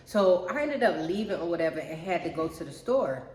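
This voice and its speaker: A young woman with a slightly low voice spins a casual storytime for her channel, loose and profane, forever turning to her viewers. The sound has a noticeable roomy echo around it. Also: expressive, brisk, heavy background noise. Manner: chatty, profane, keeps addressing viewers as y'all. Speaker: storyteller vlogger.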